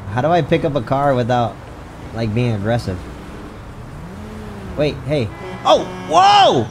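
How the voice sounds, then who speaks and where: A man's voice: mid-range voice, a little slow, a little hiss or hum, low-quality recording. A man giving live commentary while he plays a video game, talking to his chat, reading menus aloud, and swearing and yelping when caught off guard. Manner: excitable, swears often, yelps in surprise. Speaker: gaming streamer.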